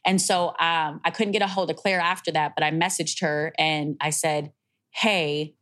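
A young woman hosting a podcast, telling a personal story in an emotional, animated way. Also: low voice, moderate pace. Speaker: podcast host. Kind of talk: casual podcast conversation.

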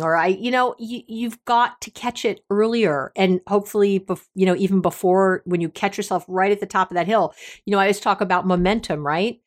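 A woman's voice: mid-range voice, fairly quick. A middle-aged woman hosting a self-help podcast, talking in a casual, emphatic and playfully bossy way, laughing often. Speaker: podcast host.

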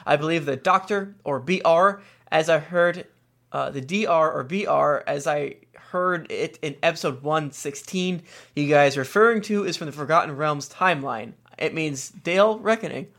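A man with a slightly high voice reads listener reviews on a casual podcast. He trips over words and breaks off into joking asides. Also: normal speed, a bit bright. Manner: jokey, stumbling, laughing asides. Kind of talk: casual chat.

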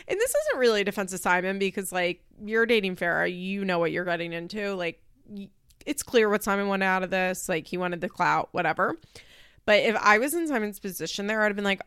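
A woman giving a casual, opinionated recap, chatty with many fillers and acting out quotes in high voices. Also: animated, a little fast, fairly bright tone, clear, resonant tone, no echo, clean studio sound. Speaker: commentator recapping a reality show.

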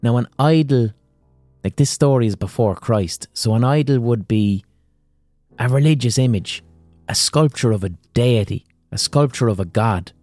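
A man's voice: mid-range voice, normal speed, a little mellow, dry recording, faint music behind. An Irish man hosting a podcast, telling old stories in a chatty monologue full of "like" and swearing. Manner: chatty, profane, frequent "like". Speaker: podcast host. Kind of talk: casual storytelling monologue.

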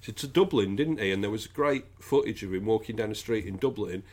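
A man's voice: fairly low pitch, fairly quick, a little mellow. A man hosting a podcast, chatting casually about politics in a jokey, rambling way. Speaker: podcast host.

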